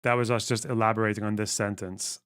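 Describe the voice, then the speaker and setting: A man's voice: on the low side, level tone, fast, fairly bright tone, smooth, dry recording, clean studio sound. A male streamer in casual live-stream commentary, reading text aloud and reacting with sarcastic, profane remarks.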